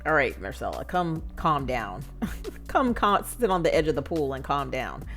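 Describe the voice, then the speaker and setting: Casting: low-pitched woman, chatty gameplay narrator, lots of fillers, faint music under her. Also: very animated, moderate pace, a bit bright. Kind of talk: casual gameplay commentary.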